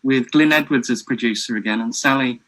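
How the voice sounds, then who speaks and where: A man's voice: medium pitch, brisk, a bit bright, rough recording. A man interviewing a guest. He gives short agreeing replies and asks long, carefully framed questions.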